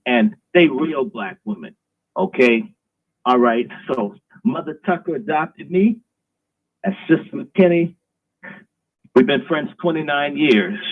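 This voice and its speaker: A man's voice: mid-range voice, slightly rough. A man hosting a live stream, delivering an emphatic, preachy, provocative monologue. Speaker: host. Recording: tinny phone-like line.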